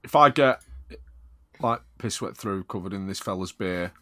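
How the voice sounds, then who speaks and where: A man's voice: low-pitched, normal speed, crowd noise. A man playing a tabletop game who chats casually in blunt, grumpy quips. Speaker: player.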